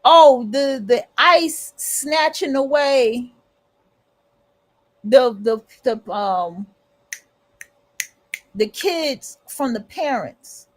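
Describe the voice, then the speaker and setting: A woman's voice: sits high, lively intonation, extremely slow, long pauses. A woman hosting a livestream, talking casually and rambling with restarts and blunt, profane asides. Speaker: livestream host.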